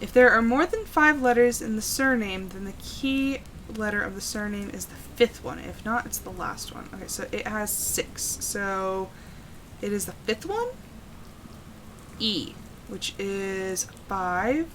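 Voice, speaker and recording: A young woman streaming a horror game live, working slowly through puzzles and breaking into frightened exclamations. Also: medium pitch, expressive, noisy background. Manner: jumpy, frightened exclamations between slow puzzle-solving. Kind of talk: live gameplay commentary.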